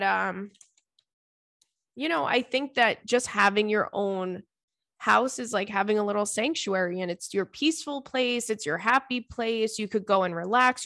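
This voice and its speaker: A woman's voice: medium pitch, fairly bright tone, dry recording. Female podcast host, casual advice chat, candid and loose with swearing, dry close sound. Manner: candid, swears freely, chatty with fillers.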